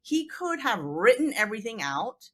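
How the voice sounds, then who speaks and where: Bright-voiced woman host explaining eagerly. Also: on the high side, normal speed. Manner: animated, explanatory, acts out example quotes. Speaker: podcast host, mediator. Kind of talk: conversational interview.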